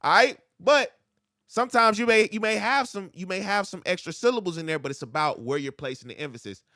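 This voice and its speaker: A man's voice: sits high, animated, a little fast, bright, forceful tone, dry recording, studio quality. A man coaching rap flow, explaining syllables and stress and rapping example lines back in a bouncy cadence. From United States. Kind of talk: breaking down rap verses.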